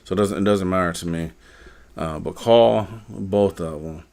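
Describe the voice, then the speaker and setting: Man, very deep voice, rambling live stream commentary, lots of fillers. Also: moderate pace, gravelly, darkish tone. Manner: rambling, repeats words, many fillers and "okay?". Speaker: live stream host, postal worker.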